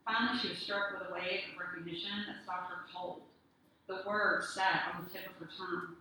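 A storyteller narrating in a steady, measured way, with a bright, clear tone. The voice carries a strong room echo and is heard from a distance. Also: medium pitch. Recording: echoey room, distant mic, faint noise.

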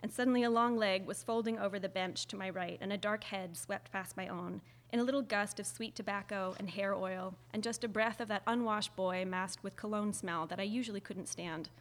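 A woman narrates a novel in the first person, at a middle pitch and an even speaking level. Her reading is measured and expressive, shaped like a polished audiobook.

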